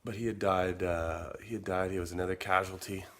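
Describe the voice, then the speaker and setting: A man's voice: deep voice, fairly even intonation, a little fast, fairly bright tone, a little hiss or hum. A middle-aged man telling his own story casually in a rambling way, repeating words and quoting his old messages. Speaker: vlogger.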